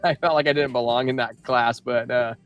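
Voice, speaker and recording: A man's voice: medium pitch, fairly even intonation, fairly quick, a bit bright, muffled recording, soft background music. A man co-hosting a casual crypto livestream, rambling and joking as he gives trading advice and reads chat messages aloud. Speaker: crypto show co-host.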